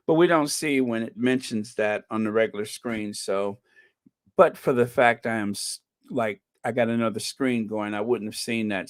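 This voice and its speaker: A man's voice: mid-range voice, dry recording. Chatty male livestream host, dry sound. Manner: chatty, rambling, greets viewers by name. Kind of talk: casual live-stream chat.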